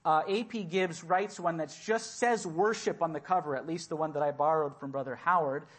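A man delivers a sermon from a church pulpit. He speaks in a measured, deliberate way and returns to his key words again and again to drive them home. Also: fairly high pitch. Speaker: preacher.

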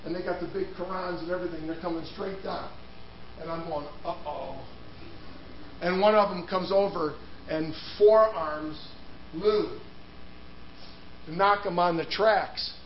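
A man's voice: high voice, steady tone, normal speed, muffled recording, a little hiss or hum. A man preaching a sermon, telling a story with laughs and restarts before turning to scripture. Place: church hall.

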